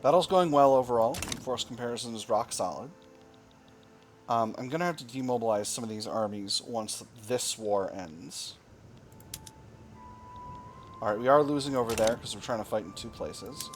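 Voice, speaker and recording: A man's voice: medium pitch, lively intonation, moderate pace, pauses often, faint music behind. A man commenting on a strategy game he is playing, thinking aloud with dry, wry asides. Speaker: gaming video host.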